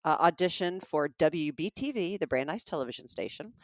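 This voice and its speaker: A woman's voice: sits low, expressive, fairly quick, dry recording, clean studio sound. A woman in her fifties from the American South, co-hosting a podcast in a casual, chatty way with a Southern accent and frequent laughter. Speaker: podcast co-host. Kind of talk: casual chat.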